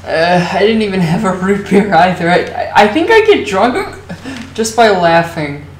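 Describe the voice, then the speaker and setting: A woman's voice: mid-range voice, big pitch swings, moderate pace. A woman chatting casually while gaming on a voice call, giggly and rambling, tired and hiccuping. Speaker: gamer on a voice call. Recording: roomy echo with faint noise.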